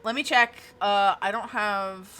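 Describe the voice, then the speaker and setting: A woman's voice: medium pitch, steady tone, a little slow, bright, forceful tone. A woman from New Jersey streaming live in a casual chat, cursing often and restarting her sentences. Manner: frustrated, swears freely, lots of restarts.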